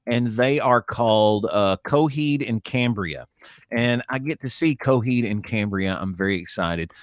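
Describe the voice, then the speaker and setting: A man's voice: medium pitch, a little slow, no echo. A man co-hosting a casual morning internet show, talking in a rambling way with lots of fillers and restarts.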